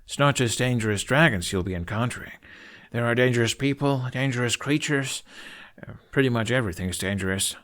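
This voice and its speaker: A man's voice: medium pitch, brisk, fairly bright tone, lightly acted. A man voicing a good-humored young Viking man who speaks wryly and teases. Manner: wry, teasing.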